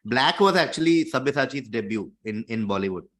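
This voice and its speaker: Indian English quizmaster, measured delivery. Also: male voice, medium pitch. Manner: steady, explanatory, lightly hesitant with fillers. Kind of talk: hosting a quiz show.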